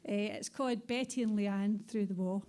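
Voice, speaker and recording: A Scottish woman performing poetry live on stage at a bar, with a rhythmic, lively delivery into a stage microphone. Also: medium pitch, moderate pace. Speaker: poet. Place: bar venue, live event.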